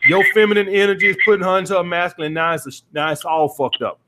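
High-voiced blunt male dating coach. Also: fast, noisy background. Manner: blunt, profane, repetitive coaching. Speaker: dating coach podcast host. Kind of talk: call-in advice podcast.

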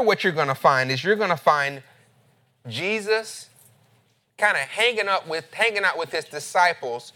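Lively, bright-voiced male preacher. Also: a little high. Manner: lively, conversational preaching, addresses listeners as family. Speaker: pastor. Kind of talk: sermon with scripture reading.

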